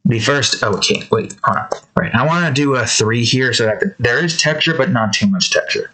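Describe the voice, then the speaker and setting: A man's voice: medium pitch, animated, brisk, sharp tone, poor audio. A man giving casual, rambling commentary while he draws, often correcting himself and stopping for breath. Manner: rambling, self-correcting, many fillers. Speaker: drawing video creator.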